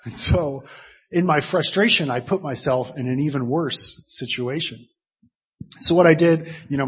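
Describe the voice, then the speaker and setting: A man's voice: fairly high pitch, breathy edge. A man telling a personal story in a rambling, casual way, full of fillers and little laughs. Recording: muffled lo-fi recording.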